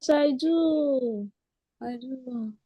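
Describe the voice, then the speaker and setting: A man putting on a squeaky falsetto to play an eager viewer insisting he runs a crypto exchange. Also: drawn-out words, dry recording, lo-fi sound, full character voice. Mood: insistent.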